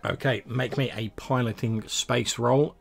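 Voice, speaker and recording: A man narrating a tabletop space adventure as game master, in a measured, descriptive way. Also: medium pitch, fairly even intonation, vocal fry, faint music behind.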